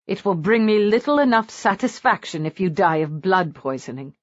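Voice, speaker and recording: A woman's voice: mid-range voice, lively intonation, normal speed, no echo, lightly acted. A woman narrator voicing a fierce, sarcastic young woman who snaps at everyone, in a slightly dull, dry recording. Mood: scornful. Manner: snappish, sarcastic. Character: sharp-tongued young woman, fierce and scornful.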